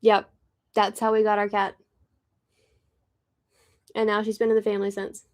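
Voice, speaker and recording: A woman's voice: medium pitch, monotone, normal speed, a little mellow. A woman from Florida chatting casually to her audience, rambling through stories while tuning drums. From Pensacola, Florida, US. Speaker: drummer and host of a music channel.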